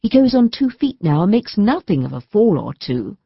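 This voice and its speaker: A woman voicing a cheerful young wife and mother, bright in manner. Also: mid-range voice, very animated, normal speed, vocal fry, husky, dry recording, pitched above the performer's own voice, exaggerated voice. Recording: dull dry studio recording.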